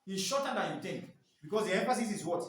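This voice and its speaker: Quick and lively in intonation, this man's voice sits high as he leads a staff training session indoors. In his forties, he quizzes the group, spells letters out one at a time, and frequently closes phrases with a prompting "what?" in this classroom lecture. The room echoes and the microphone is distant.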